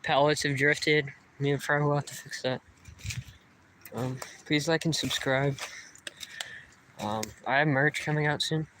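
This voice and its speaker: A man's voice: medium pitch, fairly bright tone, a little hiss or hum. A young man vlogging a live stream outdoors in the woods by the water, talking casually, swearing a lot and startled by sounds.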